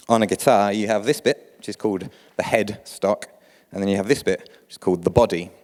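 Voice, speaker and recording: A man leading his church in a casual, conversational sermon. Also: on the low side. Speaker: church leader. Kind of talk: informal sermon. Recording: long hall reverb.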